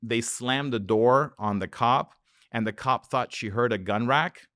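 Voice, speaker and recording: A man's voice: medium pitch, measured pace, a bit bright, no echo. Profane storytelling man, dry close mic. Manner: profane, acts out voices in his anecdotes. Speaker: real estate investor guest. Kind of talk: animated storytelling.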